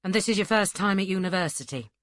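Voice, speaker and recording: A woman voicing a gruff, wry northern English farmer who teases with blunt questions, in a northern accent. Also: mid-range voice, fast, dry recording, clean studio sound, lightly acted. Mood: probing.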